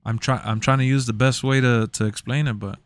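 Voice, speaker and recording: Rambling young man streamer, clear voice. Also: medium pitch, fairly even intonation, fairly quick, no room sound. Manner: rambling, repeats himself, laughs a lot. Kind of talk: casual chat.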